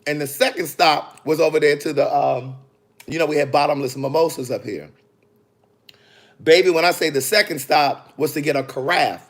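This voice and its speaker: A man, an author, chatting on a phone livestream in a sassy, animated way, talking straight to his viewers. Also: a little high, normal speed. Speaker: author hosting a live video. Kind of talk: casual livestream chat. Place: in the city after a book event.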